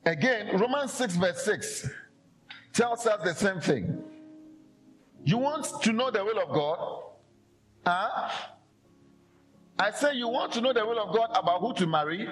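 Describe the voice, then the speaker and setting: A man preaching a lively sermon, acting out quoted voices and laughing often. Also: high-pitched, unhurried, long pauses, faint music behind.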